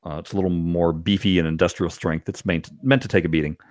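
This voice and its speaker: A man's voice: low-pitched, fairly even intonation, quick pace, darkish tone, no room sound, studio quality. A man hosting a podcast, chatting casually and animatedly, with frequent laughs. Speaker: podcast host. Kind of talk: casual chat.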